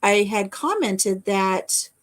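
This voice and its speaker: A woman's voice: mid-range voice, animated, takes it slowly. A middle-aged woman from the American Midwest, chatting casually with a live audience on her vlog and answering viewer comments. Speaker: vlogger.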